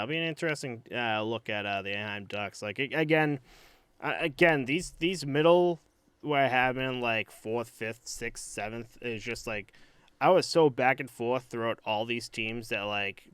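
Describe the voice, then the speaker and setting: A man's voice: medium pitch, moderate pace, a bit bright, clear, resonant tone, no echo. A man co-hosting a podcast in casual sports chat, rambling and hesitant with frequent fillers and restarts. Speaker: podcast co-host.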